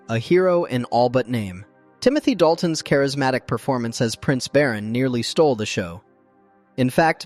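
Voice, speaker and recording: A man reading scripted documentary narration in a measured, even storytelling manner, as a close studio voice-over. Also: mid-range voice. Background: faint background music.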